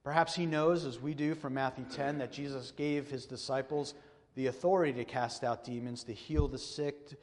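Male pastor, earnest and measured, mid-range voice, preaching in a reverberant church hall. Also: medium pitch, steady tone, darkish tone. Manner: earnest, measured, repeats and restarts phrases. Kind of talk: sermon with scripture reading.

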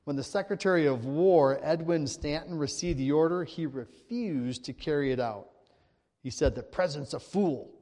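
A pastor delivering a conversational sermon, tossing in quick tag questions and pushing up for emphasis. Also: male voice, fairly high pitch, dark tone. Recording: long hall reverb.

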